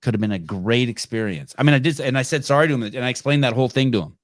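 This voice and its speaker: A man's voice: medium pitch, rapid-fire, dry recording, studio quality. A middle-aged man hosting a podcast, telling stories in a profane, rambling casual chat. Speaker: podcast host.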